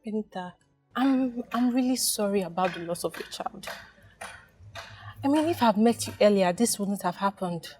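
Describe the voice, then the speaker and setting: A woman playing a sympathetic friend who soothes a grieving woman, repeating gentle reassurances. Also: medium pitch, animated, moderate pace, slightly rough, faint music behind. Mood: consoling. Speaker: actress in a film. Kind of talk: film drama acting.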